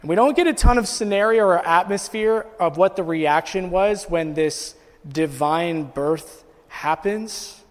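Man, pastor, sermon, high voice, repeats phrases, echoing hall. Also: unhurried. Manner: rises in pitch and volume as he builds intensity; repeats and restarts phrases while preaching. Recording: long hall reverb.

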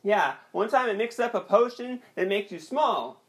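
A young man performing an awkward, rambling stand-up set with a hesitant, deadpan delivery and many restarts. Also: high voice, moderate pace. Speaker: stand-up comedian.

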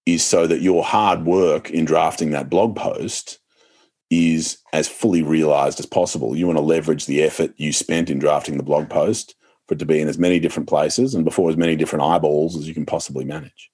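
A man's voice: a bass voice, fairly even intonation, brisk, a little mellow, breathy edge. A man with a Sydney private-school Australian accent, talking casually on a podcast about marketing, articulate, often correcting himself and laughing easily. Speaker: podcast guest, lawyer.

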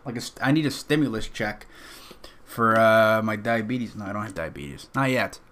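A young man talks alone into a podcast mic, his voice bright and forward. He wanders from one thought to the next, dropping curse words and jokes at his own expense without ever settling down. The tone stays loose and unscripted throughout. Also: on the low side, normal speed. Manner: rambling, profane, joking. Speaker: podcast host. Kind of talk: casual solo podcast monologue.

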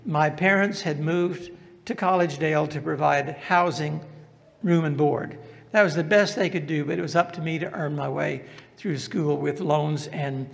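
An older man from the American South with a Southern accent gives a personal testimony, telling his life story and asking the audience questions. His voice is a little high and creaky, with a big-room sound.

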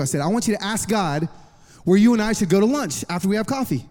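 High-voiced man preaching in a hall. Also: fast talker. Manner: energetic storytelling with jokes. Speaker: worship pastor. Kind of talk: sermon. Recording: long reverb of a large hall.

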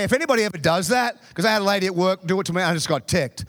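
A man with a notably high voice preaches a sermon, speaking straight to his congregation and telling humorous stories from his own life. The sound is dry and close, with almost no room echo. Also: racing, hardly any pauses, fairly bright tone. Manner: humorous storytelling, addresses the congregation.

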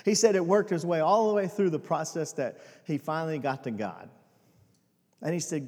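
A man preaching a sermon as pastor, swinging between hushed and loud passages. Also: on the high side, lively intonation, brisk, in a large hall.

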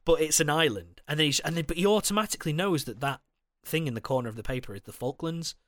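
A man's voice: on the high side, fast talker, dry recording, studio quality. A man co-hosting a casual film chat, laughing and swearing as he retells scenes. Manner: laughing, swearing, animated storytelling. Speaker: podcast co-host.

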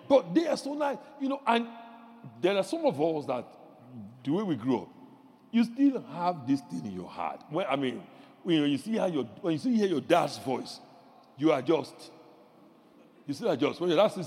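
A male pastor preaching a sermon, animated, shouting decrees and acting out little voices of the people he describes. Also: high-pitched, moderate pace, long pauses, big-room sound.

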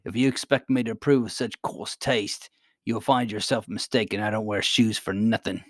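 A man reading aloud and voicing a haughty, quarrelsome goblin queen with a sharp, scornful manner. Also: lowish voice, fairly even intonation, moderate pace, no echo, studio quality, lightly acted.

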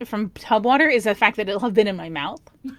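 A woman co-hosting a podcast, chatting casually and cracking wry, deadpan jokes. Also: medium pitch, quick pace, dry recording. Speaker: podcast co-host. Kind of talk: casual chat.

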